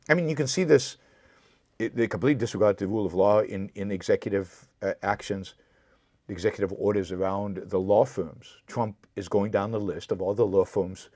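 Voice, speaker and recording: On his own show, a host delivers impassioned political commentary, hammering points by repeating them and replying directly to viewer comments. His voice is fairly low and a little mellow, captured in a dry, studio-quality recording.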